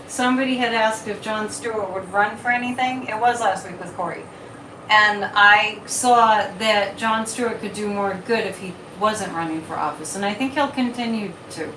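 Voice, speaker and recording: A woman hosting a casual live stream as a psychic, talking in an animated way, repeating words and reading viewer comments. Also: mid-range voice, normal speed, background noise. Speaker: psychic livestream host. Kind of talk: casual livestream chat. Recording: echoey room, mic at a distance.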